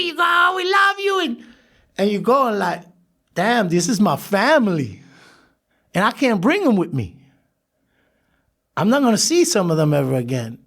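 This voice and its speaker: Gravelly-voiced man telling prison stories. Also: a little high. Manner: animated, laughs through stories, acts out quoted voices. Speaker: podcast guest. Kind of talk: storytelling interview.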